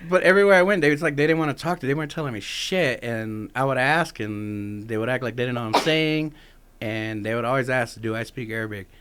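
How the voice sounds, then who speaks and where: A man's voice: mid-range voice, a little fast, fairly bright tone, a little hiss or hum. A young adult man, a military veteran guest on a podcast, telling a loose, profane story in casual chat and acting out what other people said. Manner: loose, profane anecdotes with lots of "like" and acted-out quotes.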